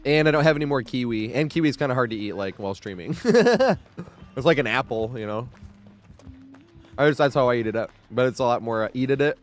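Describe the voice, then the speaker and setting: Male streamer, 30s, casual and rambling, quick to laugh, swears freely, home desk mic. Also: medium pitch, soft background music. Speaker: live game streamer. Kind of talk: casual live-stream chat.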